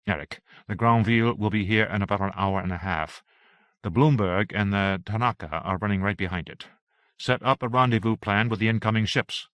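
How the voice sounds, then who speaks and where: Man reading a calm lady captain, steady and firm, bright dry sound. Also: fairly low pitch, a little fast, dry recording, lightly acted. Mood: resolute. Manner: steady, firm, quietly commanding. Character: calm, resolute female starship captain.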